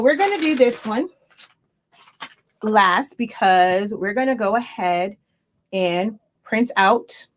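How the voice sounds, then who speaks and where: A middle-aged woman who owns a small printing business chats casually while she works through a live craft demo. She thinks out loud and corrects herself mid-sentence. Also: medium pitch. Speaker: small business owner demonstrating sublimation printing.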